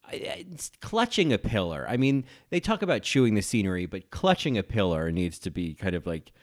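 A man hosts a podcast and talks through a film scene in casual commentary. He is animated and gushing, with campy asides, and his voice sits on the low side. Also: fairly quick. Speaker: podcast host and film reviewer.

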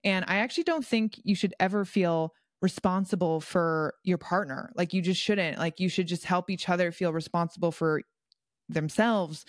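A woman's voice: lowish voice, normal speed, no echo, studio quality. A woman coach talking casually in an interview, chatty, with frequent laughs and fillers. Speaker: guest, personal development coach.

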